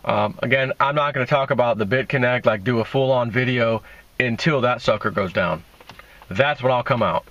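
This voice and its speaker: A man's voice: mid-range voice, moderate pace, a bit bright, highs cut off. A man hosting a casual crypto video, talking in a sarcastic, mocking, rambling way. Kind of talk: casual opinion monologue.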